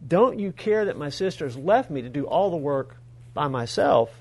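A man's voice: fairly high pitch, sing-song, normal speed, darkish tone, slightly rough, full character voice. A man voicing an overworked, exasperated woman, indignant and complaining to her master.

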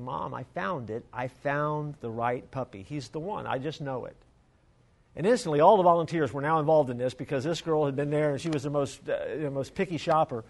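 A male pastor telling a story in a sermon and leading a prayer, earnest and conversational, dropping to a hush. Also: on the high side.

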